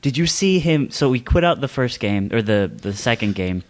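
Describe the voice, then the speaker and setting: A young man co-hosting a podcast, laughing often and telling stories in excitable, profane casual talk. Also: mid-range voice, normal speed. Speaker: podcast co-host.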